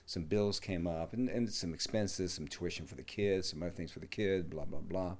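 Rambling, low-voiced man who swears. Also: moderate pace, a little mellow. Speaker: yoga teacher. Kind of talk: casual podcast conversation.

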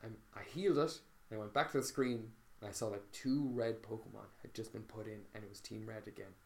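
A man telling a story in casual chat, animated and swearing freely, often restarting his sentences. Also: on the low side, quick pace, creaky.

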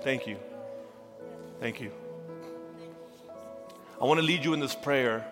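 A young adult man, a pastor, preaching a sermon with earnest feeling that swings from urgent rises to hushed, tender passages. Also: medium pitch, fairly even intonation, brisk, pauses often. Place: church sanctuary. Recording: church hall reverb with faint music.

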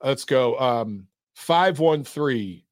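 A man's voice: mid-range voice, lively intonation, extremely slow, slight background noise. A man hosting a live call-in show about boxing, talking casually and bluntly with plenty of swearing as he reads the chat and takes calls. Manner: blunt, profane and laid-back.

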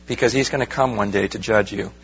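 A man's voice: lowish voice, fast, a bit bright, breathy edge, muffled recording. A man, a pastor, preaching a sermon in a conversational way, asking rhetorical questions and talking straight to his congregation. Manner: addresses the congregation directly.

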